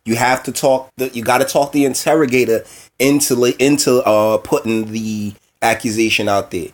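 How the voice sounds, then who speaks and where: Hosting his commentary show, a man with a medium-pitched voice talks at an ordinary speed with fairly even intonation. He reads out an article and responds to news clips in a blunt, emotional, exasperated way.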